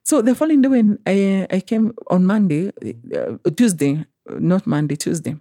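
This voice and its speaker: A woman's voice: medium pitch, expressive, normal speed, warm tone, no room sound, clean studio sound. A woman with a Kenyan accent tells her personal story in an interview, earnestly and with frequent restarts, acting out what others said to her. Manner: earnest, retells events by acting out quoted speech.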